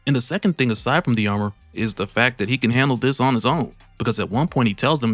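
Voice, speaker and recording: A man's voice: medium pitch, fast, few pauses, fairly bright tone, dry recording, faint music behind. A man casually recapping a comic story with laughing, slangy asides, recorded on a close mic.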